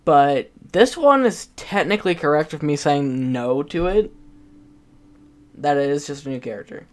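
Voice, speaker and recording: With lively intonation and a little high voice at a moderate pace, a man chats casually about video games, reflecting on predictions he once made. He teases himself, laughs a lot, and frequently starts over mid-thought.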